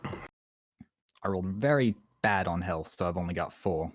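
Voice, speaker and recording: A man with a low voice, talking through his character in a casual tabletop session. He is on a home mic during a voice call, and keyboard clicks can be heard behind him. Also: unhurried. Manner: plays a character with a put-on accent, hesitant about it. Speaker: player. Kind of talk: casual tabletop game chat.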